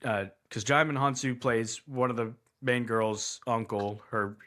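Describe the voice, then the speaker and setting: Speaking a little slowly, this man has a medium-pitched voice with a fairly bright tone. He co-hosts a casual movie review podcast, rambling, cutting himself off to restart sentences, and sounding incredulous about poor writing.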